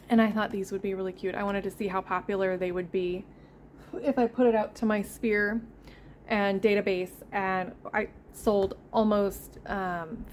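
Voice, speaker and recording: A woman's voice: mid-range voice, a little mellow, a little hiss or hum. A woman chatting casually in a home vlog, rambling and easily sidetracked. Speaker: homesteading vlogger. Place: indoors at home.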